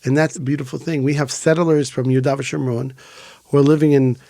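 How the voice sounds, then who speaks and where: Gravelly animated man telling stories. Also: medium pitch, fairly quick, no echo, clean studio sound. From Israel. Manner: animated storyteller, acts out quoted voices. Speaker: founder of an emergency volunteer organization. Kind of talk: casual storytelling interview.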